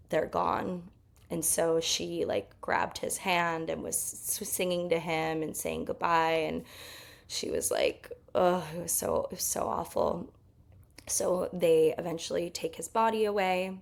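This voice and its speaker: A young woman recounting a personal story, open and emotional, leaning on fillers as she talks. Her voice sits a little low and carries a gravelly fry. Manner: candid, emotional, many fillers. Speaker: podcast host.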